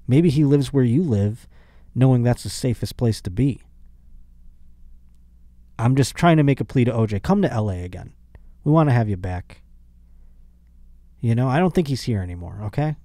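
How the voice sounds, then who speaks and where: A man's voice: medium pitch, expressive, normal speed, long pauses, warm tone, no room sound, clean studio sound. A man hosting his podcast in a casual comedic monologue, rambling and sarcastic. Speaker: podcast host.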